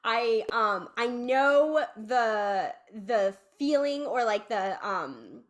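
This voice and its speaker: Slow-talking woman podcast host. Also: a little high, lively intonation. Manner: short backchannels and jokey asides. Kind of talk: casual chat.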